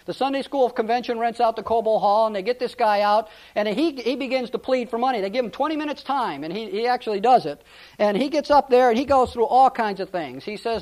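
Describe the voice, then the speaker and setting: A man's voice: very high voice, fast talker, a little mellow. A male pastor preaching a sermon in a conversational, storytelling way, with frequent restarts.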